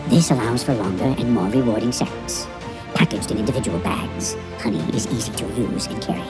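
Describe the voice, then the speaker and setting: A man's voice: lowish voice, fairly quick, lightly acted. A man doing a pompous epic ad narrator. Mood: grandiose. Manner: grandiose, solemn delivery turning crude. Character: pompous male infomercial narrator. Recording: voice read over music. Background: music.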